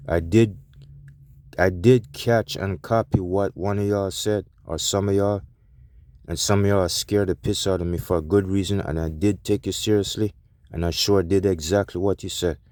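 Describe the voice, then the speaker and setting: A man's voice: low voice, darkish tone, dry recording. A truck driver, a man, ranting heatedly to his viewers with a profane, defensive edge, often restarting his sentences.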